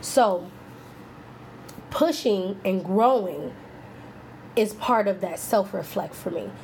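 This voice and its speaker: A woman's voice: mid-range voice, lively intonation, slow, a little mellow, slight background noise. A woman in her thirties giving a casual motivational talk on self-reflection, candid and playful, laughing often and acting out what people say. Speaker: self-help speaker.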